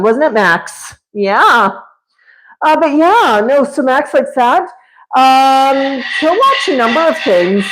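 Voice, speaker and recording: This is a woman's friendly, rambling voice from a home livestream, sitting a touch above the usual pitch for a woman. She answers viewers in loose casual chat and keeps switching to a sweet, high coaxing tone for her parrots. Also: poor audio. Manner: chatty, switches to high coaxing pet-talk with the birds. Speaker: parrot owner hosting a livestream.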